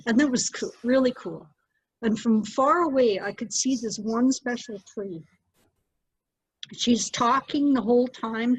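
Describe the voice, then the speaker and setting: A middle-aged woman, a storyteller, recounting a personal story with animated delivery. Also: on the high side, slightly rough, dry recording. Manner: animated, lively retelling with acted-out quotes. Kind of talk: personal storytelling to a small group. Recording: dull, muffled dry recording.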